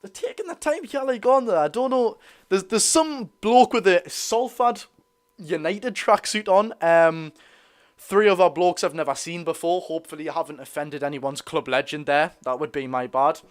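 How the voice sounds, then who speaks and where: A young Geordie man chatting on a football livestream, his voice sitting a little high for a man. He talks loosely and easily, reads out viewer comments, and keeps calling his audience lads and lasses. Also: moderate pace. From North East England. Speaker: football fan livestream host. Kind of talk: casual live watch-along chat.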